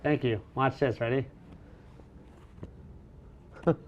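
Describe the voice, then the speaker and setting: A professional magician chatting casually, self-deprecating and full of restarts. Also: male voice, mid-range voice, steady tone, slow, muffled recording, slight background noise. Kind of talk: casual conversational chat.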